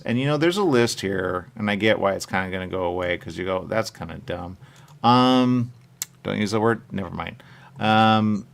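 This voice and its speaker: A man's voice: fairly low pitch, vocal fry. A man hosting a talk radio show, rambling casually and quoting people in little voices, often saying "there you go". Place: radio studio.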